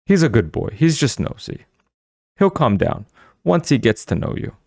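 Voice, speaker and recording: A man's voice: medium pitch, very animated, moderate pace, vocal fry, a little mellow, no echo, clean studio sound, voice pushed up. A man voicing a stern, mysterious woman of the forest who gives solemn commands in an audiobook. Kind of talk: audiobook character voice.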